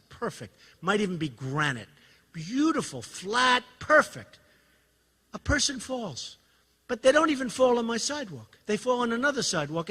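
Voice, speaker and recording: A man in his sixties gives a rambling campaign speech to a crowd, repeating himself and tossing questions at the audience. His voice is high and very bright, and his pitch swings widely. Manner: boastful, repetitive, digressive, asks the crowd questions. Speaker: campaign speaker. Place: event hall with audience.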